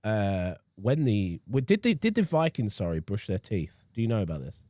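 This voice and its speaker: A man's voice: lowish voice, normal speed, dry recording, studio quality. A man co-hosting a podcast, joking and swearing freely in casual chat. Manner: jokey, swears freely, lively. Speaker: podcast co-host.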